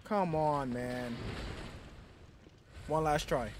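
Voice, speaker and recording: A man giving casual gameplay commentary, cursing and trash-talking enemies, with sudden high outbursts. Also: lively intonation, measured pace, pauses often, a little hiss or hum. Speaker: gameplay streamer.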